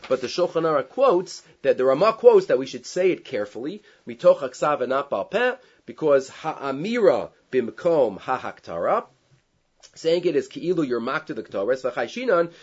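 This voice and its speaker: A man teaching a class on Jewish law, reading Hebrew sources and explaining them in English, with asides and rhetorical questions. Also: a little high. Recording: dull lo-fi recording.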